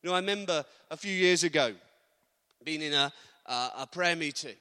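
A man preaching a sermon, animated, acting out quotes with humorous asides. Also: fairly high pitch, normal speed, clean tone. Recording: long reverb of a large hall.

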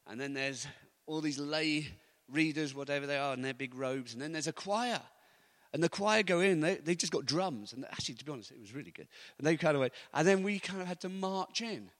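Man, preacher, lively anecdotal storytelling, higher pitched. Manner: lively anecdotal, chuckles often. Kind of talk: storytelling sermon.

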